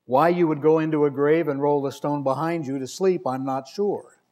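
A man preaching a sermon in a fairly high voice. His delivery is conversational and wry, and he leans hard on key words when he reads scripture aloud. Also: fairly even intonation, normal speed, mellow. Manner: wry, conversational storytelling with emphatic scripture reading.

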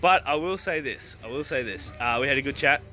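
An Australian man casually vlogging into his phone at an outdoor festival, chatty and quick to swear and laugh. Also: medium pitch, expressive, pushed and bright, faint music behind. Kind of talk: casual selfie vlog. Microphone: phone held at arm's length.

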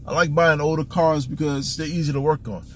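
A man's voice: a little high, steady tone, a little fast, fairly bright tone, slight background noise. A man telling a story as a casual, profane rant in a car, exasperated and acting out the back-and-forth dialogue. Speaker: vlogger.

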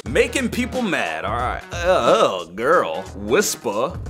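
A young man hosting a comic reaction video, reacting with loud exclamations and quick jokey asides. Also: medium pitch, huge pitch swings, soft background music.

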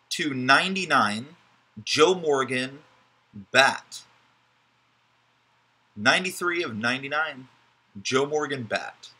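Slow, sharp-voiced man hosting a card break. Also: mid-range voice. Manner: joking, chatty running commentary. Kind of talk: live card break commentary.

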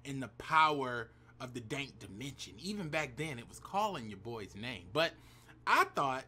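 A man's voice: mid-range voice, animated, moderate pace, sharp tone, a little hiss or hum. A man telling a personal story to camera in a casual vlog, slangy and profane, with hype-man asides to the viewers. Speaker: YouTube storyteller.

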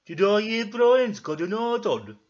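A man voicing a fussy, flustered female cartoon cow with a loud, high manner, on a dull lo-fi recording. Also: very animated, unhurried.

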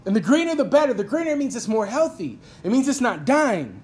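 Her voice runs a little high and swings widely in pitch, brisk yet somewhat mellow. She is a pastor at church, praying aloud and preaching from an iPad, earnestly repeating phrases for emphasis.

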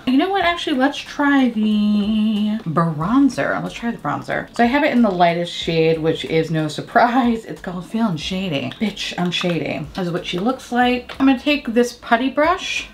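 A woman beauty vlogger chatting casually as she does her makeup and tells a story, candid, profane and quick to laugh. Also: medium pitch, a little hiss or hum.

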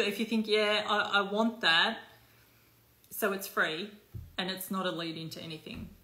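A woman's voice: fairly low pitch, creaky, bright, forceful tone, reverberant. A woman hosting a casual live stream, chatting loosely with lots of fillers and the odd swear word.

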